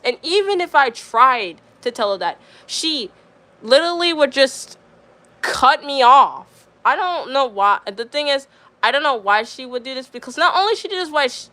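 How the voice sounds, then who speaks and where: Give me a bright, high-voiced young woman rambling through a riled-up story on stream. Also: dry recording. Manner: rambling, filler-heavy, riled up. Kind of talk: casual storytelling chat.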